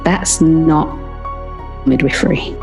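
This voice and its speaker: A woman's voice: deep voice, fairly even intonation, slow, over music. A British woman who works as a midwife, telling a story in a podcast interview and acting out the dialogue she quotes. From Britain. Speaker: midwife guest.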